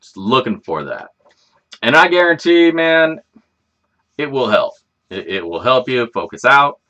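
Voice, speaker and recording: A man's voice: mid-range voice, sing-song, a little slow, pushed and bright, lo-fi sound. A man hosting a casual livestream, chatting in a rambling, laid-back way and swearing freely. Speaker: livestream host.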